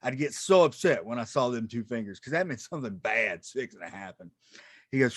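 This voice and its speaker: A man's voice: mid-range voice, very animated, fast, no room sound, clean studio sound. A man doing a rambling, self-mocking stand-up comedy set over a video call, laughing at his own jokes.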